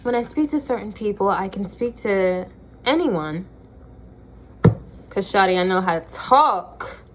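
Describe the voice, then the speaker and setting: A woman's voice: mid-range voice, animated, a little slow, slight background noise. Emphatic woman talking to camera. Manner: emphatic, repeats lines for effect. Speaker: vlogger. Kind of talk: casual talk to camera.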